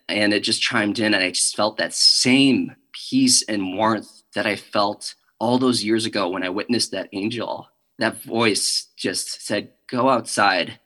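Young guy telling his story, bright forceful voice, kinda halting, laughs nervously, lowish pitch. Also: breathy edge. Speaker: interview guest. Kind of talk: personal testimony in an interview.

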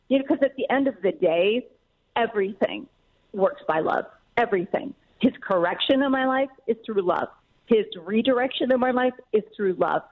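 A middle-aged woman author, a guest in an interview, talking in an emphatic, earnest way with quick laughs. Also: fairly high pitch, expressive. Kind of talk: casual interview talk. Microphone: phone call. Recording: tinny phone line.

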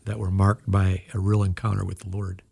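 An older man, a pastor, telling a heartfelt story from his youth in an earnest, emotional way. His voice sits low, gravelly and husky. The sound is dry and close. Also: level tone, fairly quick, darkish tone, dry recording. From United States. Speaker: pastor and guest. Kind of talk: storytelling in an interview.

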